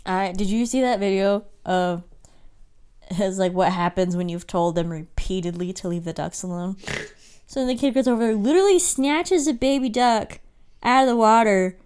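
A woman's voice: mid-range voice, normal speed, a little mellow, smooth. A woman co-hosting a casual chat, telling anecdotes, acting out quotes and laughing often. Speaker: podcast co-host.

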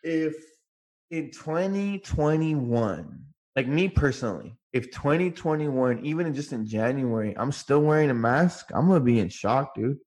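A man's voice: medium pitch, lively intonation, unhurried, a little mellow. A man co-hosting a casual podcast chat, laid-back and slangy. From California. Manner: laid-back, slangy, says "bro" and "dude". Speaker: podcast co-host.

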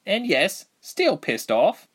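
A man putting on a gruff, snappish young woman. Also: sits high, huge pitch swings, slow pace, voice pushed up, exaggerated voice. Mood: resentful. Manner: sharp and sour, snapping.

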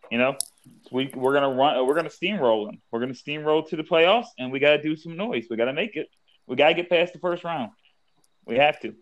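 A man's voice: mid-range voice, poor audio. A man on a sports talk panel, speaking bluntly like a devoted fan. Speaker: podcast panelist.

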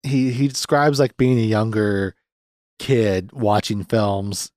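A man's voice: lowish voice, slow pace, a little mellow, dry recording, clean studio sound. Rambling thirtysomething man reviewing a movie. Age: 30s. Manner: rambling, chatty, swears freely. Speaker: podcast host. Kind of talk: casual movie review chat.

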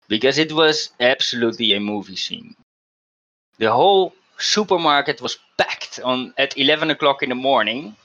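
A man's voice: mid-range voice, sharp tone, lo-fi sound. A man hosting a podcast, telling a story in a casual, emphatic way with frequent restarts. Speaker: podcast host.

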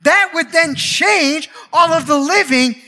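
A male preacher with an unusually high, piercing, sharp voice. He preaches with passion, stacks rhythmic repeated phrases and climbs into shouts. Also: slow pace. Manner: impassioned, building to shouts. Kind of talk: sermon.

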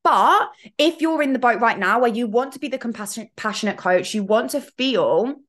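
Frank, chatty woman, fairly high voice. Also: expressive, moderate pace, fairly bright tone. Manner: frank, chatty and digressive, with playful swearing. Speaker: fitness coach and podcast host. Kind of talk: casual solo podcast chat.

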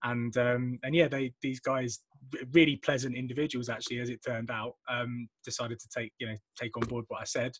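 A man in his thirties hosting a podcast, telling a story in animated casual chat with casual swearing. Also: mid-range voice, a little fast, no echo. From England. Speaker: podcast host.

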